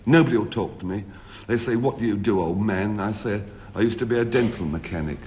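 A man's voice: lowish voice, fast talker, a little mellow, lightly acted. A man voicing a meek, sheepish older male friend who gabbles a pleading confession in a comic radio story.

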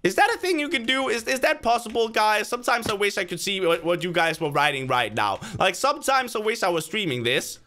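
This man, a gaming video creator, talks his way through a game in relaxed let's-play style, chatting to himself and egging himself on. His voice sits high, bright and forward, with big swings in pitch, and he speaks briskly with hardly any pauses over a slight hiss or hum. Excitable by nature, he breaks into sudden loud bursts of frustration or joy.

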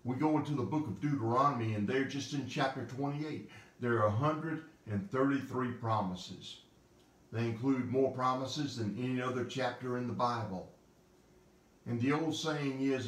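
A man's voice: mid-range voice, distant mic. Man preaching a sermon, hits the repeated words hard, sounds a bit off mic in a roomy space. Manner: emphatic, stresses repeated phrases and slows on key words. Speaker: pastor. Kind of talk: devotional sermon teaching from scripture.

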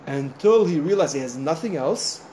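Animated rabbi, man with a mellow voice. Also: a little high, normal speed, slight background noise. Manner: animated storyteller, acting out conversations; conversational, frequent "you know" asides. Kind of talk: informal sermon with storytelling.

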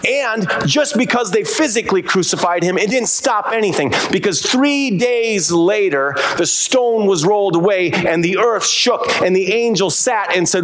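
A man preaching a sermon as pastor in a church, lively and emphatic, slowing down to stress key words. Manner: animated preaching with sweeping pitch, slowing for emphasis. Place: church sanctuary.

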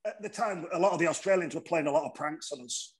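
A middle-aged man with a northern English accent, a former rugby player telling stories in a casual interview, animated and swearing freely. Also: a little high, fast. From northern England. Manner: animated, swears freely, acts out voices in anecdotes.

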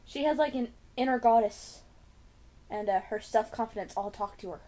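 A woman's voice: on the high side, normal speed, very noisy. A young woman teasing her friend in a casual chat, sarcastic and playful. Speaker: guest friend.

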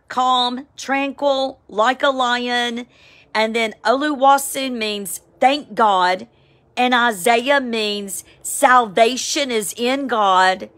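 A woman, giving a casual, emphatic spoken devotional, with sudden excited high cries. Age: 50s. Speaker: Christian devotional vlogger. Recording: home, with a siren outside.

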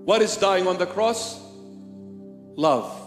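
Man, bishop, slow emphatic sermon, high voice, long church reverb, faint music behind. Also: animated. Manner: emphatic, repetitive rhetorical preaching.

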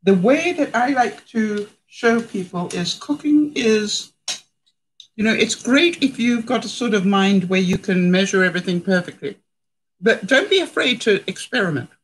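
A woman's voice: mid-range voice, animated, moderate pace, a little hiss or hum, low-quality recording. A chatty middle-aged woman from Canada cooking in her home kitchen during a live stream, talking to her viewers and laughing often. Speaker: vlogger. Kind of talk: casual live cooking demonstration.

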